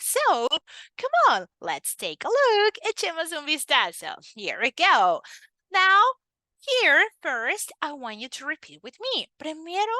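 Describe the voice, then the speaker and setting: A woman teaching a children's language lesson, speaking slowly and clearly, coaxing kids to repeat after her and making playful animal sounds. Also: sits high, pushed and bright, dry recording.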